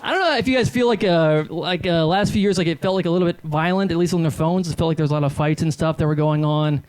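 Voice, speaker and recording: A man's voice: fairly high pitch, fast, clean tone. A man in his thirties doing stand-up comedy, telling self-deprecating stories in a rambling way full of fillers. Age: 30s.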